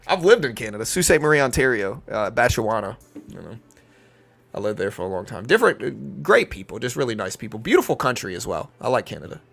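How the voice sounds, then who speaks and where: Talking fast and very animatedly, this young Southern-accented trader from Louisiana chats casually through live market commentary, relaxed and heavy on fillers. His medium-pitched voice is creaky and a bit bright.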